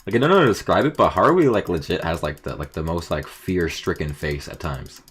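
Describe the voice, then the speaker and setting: A man's voice: deep voice, lively intonation, fast talker, fairly bright tone, breathy edge. A man casually commenting while he plays a story game, rambling with lots of fillers. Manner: chatty, rambling, filler-heavy. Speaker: streamer playing a visual novel.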